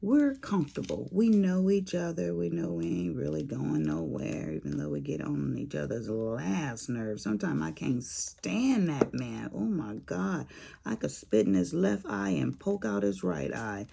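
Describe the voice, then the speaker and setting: Older lady vlogging, gravelly low voice, swoops up and down a lot, folksy storyteller. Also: unhurried. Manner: animated storyteller, folksy Southern-style talk. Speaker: crafting vlogger. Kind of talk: casual chat to viewers.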